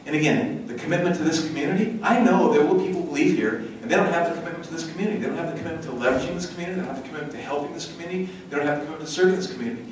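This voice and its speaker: A middle-aged man giving a motivational stage talk with a joke story, an energetic storyteller who slips into high acted voices, recorded from a distance in a large conference hall. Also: very fast, few pauses, slight background noise. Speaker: event speaker. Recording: echoey hall, distant mic.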